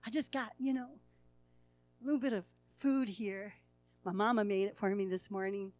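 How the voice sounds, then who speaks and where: A woman delivers a sermon like a folksy storyteller, laughing now and then, voicing the characters, and shifting between quiet and loud stretches. Her medium-pitched voice is steady at a normal speed, with no room sound.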